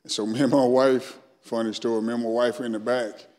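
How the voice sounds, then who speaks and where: A man's voice: mid-range voice, little pitch movement, fairly quick, a little mellow. A middle-aged man from Alabama with a Southern accent, telling his testimony as a guest speaker in a church sermon, acting out his own past dialogue. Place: church sanctuary. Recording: long church reverb.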